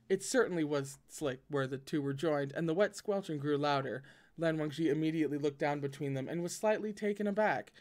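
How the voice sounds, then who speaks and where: A man's voice: on the high side, a little fast, a little mellow. Man reading aloud with wry asides. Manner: breaks off into wry asides and joking commentary. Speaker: host reading a novel aloud. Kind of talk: casual read-aloud with commentary.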